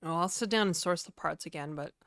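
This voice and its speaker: A woman's voice: fairly low pitch, creaky, fairly bright tone, no room sound, clean studio sound. A woman streamer chatting casually to her viewers live, venting and swearing a lot.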